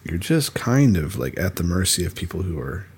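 A man co-hosting a podcast in relaxed chat, rambling with lots of fillers and restarts. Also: low-pitched, moderate pace, breathy edge. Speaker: podcast co-host. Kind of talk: casual chat.

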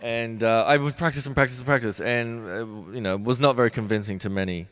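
A man in his forties, a ballet dancer being interviewed, who talks thoughtfully with many pauses and restarts. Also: medium pitch, background noise. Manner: thoughtful, halting, many restarts and soft laughs. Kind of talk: reflective interview conversation.

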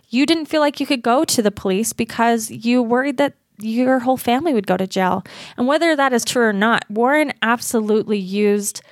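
A woman's voice: mid-range voice, dry recording. Earnest woman advocate in a dry interview. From Utah, USA. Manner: earnest, reflective, self-critical. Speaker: guest, advocate.

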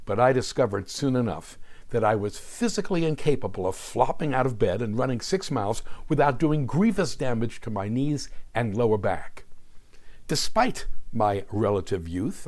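A man's voice: mid-range voice, darkish tone. A man in his sixties from New Jersey, a show host delivering scripted narration with a wry, sardonic storytelling manner. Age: 60s. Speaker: podcast host.

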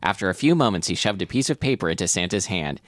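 A man's voice: sits low, animated, quick pace, dry recording, clean studio sound. A man co-hosting a casual podcast, chatting wryly with many fillers and reading a book aloud. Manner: hesitant, wry, many fillers. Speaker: podcast co-host.

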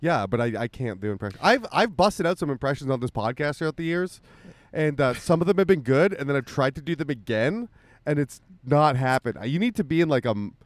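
A man's voice: fairly high pitch, sing-song, a little fast, no room sound. A man co-hosting a casual comedic podcast, crude and self-deprecating as he jokes around. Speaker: podcast co-host. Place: home podcast setup in Austin.

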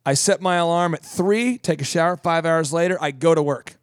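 Male podcast host, slightly high voice, dry and close studio sound, jokey storyteller. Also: fairly quick, clean tone, no room sound. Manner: animated, jokey, does voices. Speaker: podcast host, business coach. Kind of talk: casual storytelling chat.

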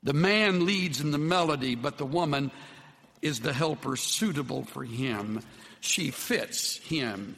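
A man preaching a sermon with an earnest, unhurried delivery that softens to tender, quiet passages. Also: a little high, long reverb tail. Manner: slow, earnest preaching with soft, tender dips. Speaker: pastor.

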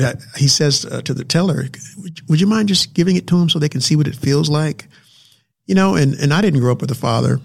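A man's voice: mid-range voice, creaky. A man speaking earnestly in a casual local talk, emotional and often repeating his words. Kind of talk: casual chat.

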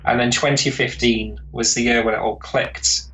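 The composer from northern England talks at medium pitch and normal speed, his tone steady and a bit bright. The recording quality is low, and he wanders and gropes for words in this casual interview.

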